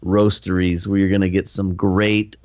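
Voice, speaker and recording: A man co-hosting a podcast in casual chat, argumentative and quick to yell. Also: sits low, level tone, no echo, dull audio. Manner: argumentative, prone to yelling. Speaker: podcast co-host.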